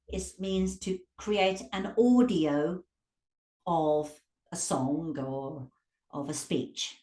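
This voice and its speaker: A woman teaching English pronunciation, drawing out words slowly and stressing syllables to demonstrate. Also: low voice, far from the mic. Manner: slow, drawn-out demonstrative speech with lively emphasis. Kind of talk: pronunciation lesson. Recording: echoey room.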